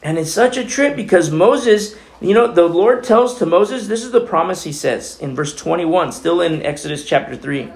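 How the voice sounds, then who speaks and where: A man's voice: high-pitched, lively intonation, normal speed, gravelly, hardly any pauses, roomy sound. A man preaching a conversational sermon as the pastor of a church, talking through a scripture passage with casual asides.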